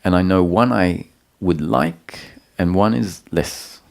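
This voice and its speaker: A man giving a satsang talk as a spiritual teacher, explaining calmly with pauses and restarts. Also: low voice, vocal fry.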